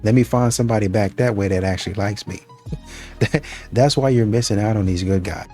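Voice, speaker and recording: Deep male voice, wry and chatty, faint music behind. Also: a little fast, mellow. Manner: wry, conversational argument. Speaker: commentator.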